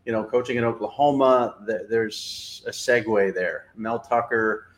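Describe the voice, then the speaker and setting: A man's voice: on the low side, measured pace. A man giving blunt, opinionated college football analysis in casual talk, with plenty of fillers. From New England.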